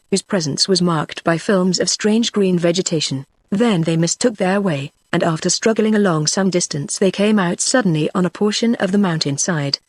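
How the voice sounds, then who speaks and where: A text-to-speech voice reading a novel aloud at an even, unhurried pace. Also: medium pitch, no echo. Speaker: audiobook narrator. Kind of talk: synthetic text-to-speech narration.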